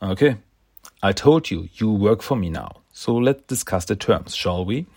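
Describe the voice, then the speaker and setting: A man voicing a scheming, power-crazed woman crime boss who is a gazelle, coaxing and quietly menacing, with a husky low voice. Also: lively intonation, a little slow, no echo, studio quality, heavily acted. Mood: coaxing menace.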